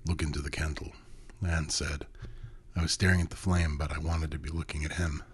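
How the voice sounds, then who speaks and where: Very deep, husky male narrator. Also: flat delivery, fairly quick. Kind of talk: first-person story narration, often whispered.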